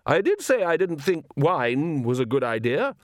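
A man reading an audiobook, voicing a haughty vampire noblewoman who scolds in a shrill tone. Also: sing-song, moderate pace, dry recording, clean studio sound. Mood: queasy.

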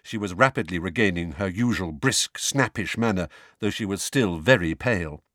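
A man narrating an audiobook in a dramatic, expressive reading. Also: sits low, normal speed, dry recording, studio quality.

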